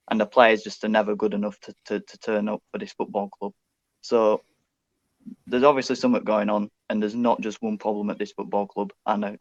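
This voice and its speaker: A man with a low, flat voice makes an impassioned case in a casual football fan chat, often stumbling and repeating his words. The sound is dull and lo-fi with a very dry mic. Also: no room sound. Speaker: fan guest.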